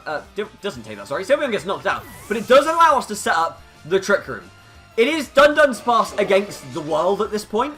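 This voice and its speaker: A man giving excitable live commentary over his own competitive video game battle. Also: high voice. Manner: excitable, hyping up big plays.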